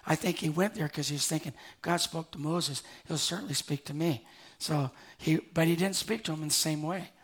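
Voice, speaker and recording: An older man, a pastor delivering a sermon to a live congregation, moving between quiet, slowed passages and loud, urgent appeals. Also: fairly high pitch. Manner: swings from hushed to loud and urgent.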